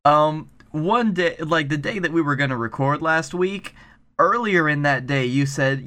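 A man co-hosting a comedy podcast, blunt and profane, quick to swear in exasperation. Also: fairly high pitch, bright, forceful tone. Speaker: podcast co-host. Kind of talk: casual comedic banter.

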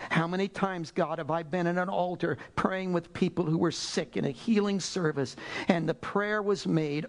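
An older male preacher delivers a fervent sermon in a high-pitched voice. He drops to near-whispers, then climbs back into loud, pleading prayer. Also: fairly even intonation, normal speed. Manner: fervent, swinging from hushed murmurs to loud pleas.

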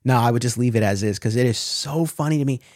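A man chatting on a podcast, retelling scenes with animated enthusiasm. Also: mid-range voice, fast, dry recording, clean studio sound. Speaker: podcast co-host. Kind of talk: casual chat.

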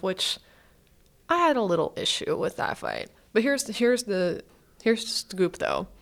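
Smooth-voiced woman gushing on a podcast. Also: fairly low pitch, fairly bright tone. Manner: chatty, gushing, heavy use of "like". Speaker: podcast host; student. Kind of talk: casual fan commentary.

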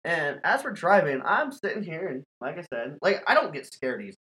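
A man's voice: fairly high pitch, very animated, a little fast, pushed and bright, poor audio. A man hosting a podcast, telling a scary story in casual, profane chat and laughing often. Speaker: podcast host.

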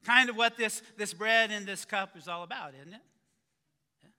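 Bright, high-voiced male preacher. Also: clean tone, big-room sound. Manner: conversational, halting with restarts. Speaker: pastor. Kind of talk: sermon.

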